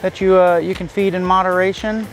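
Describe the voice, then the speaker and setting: An excitable, chatty man with a slightly high voice tours a farm, cooing at the animals and talking to the camera. He is recorded outdoors on a small action camera. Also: fairly quick, music in the background. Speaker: vlog host. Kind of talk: casual touring vlog. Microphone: handheld action camera.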